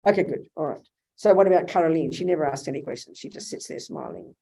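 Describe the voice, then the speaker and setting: Older aussie lady teaching buddhism, blunt and lively, mellow dark voice. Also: low voice, fast talker, vocal fry, slightly rough. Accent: Australian. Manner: blunt, animated, quotes imagined dialogue. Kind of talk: Dharma talk with questions. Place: hotel meeting room.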